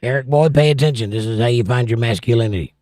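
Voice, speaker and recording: A man's voice: medium pitch, fast talker, a little mellow, no echo, studio quality. A middle-aged man with a Southern accent, hosting a livestream and joking as he reads viewer comments aloud. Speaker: livestream host. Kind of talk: casual chat.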